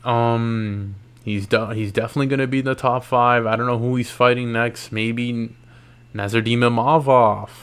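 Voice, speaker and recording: A man's voice: medium pitch, steady tone, normal speed, clear, resonant tone. A tired man recapping MMA fights late at night in loose, slangy casual talk, yawning and restarting his sentences. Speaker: MMA YouTuber.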